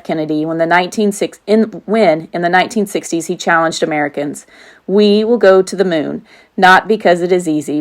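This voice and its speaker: A woman in her forties narrates her own audiobook as a teacher, her voice sitting a little low for a woman. She reads earnestly and now and then breaks off into a casual aside before going back to the text. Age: 40s. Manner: earnest reading with off-script asides. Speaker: teacher and author reading her own book. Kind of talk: self-read audiobook narration.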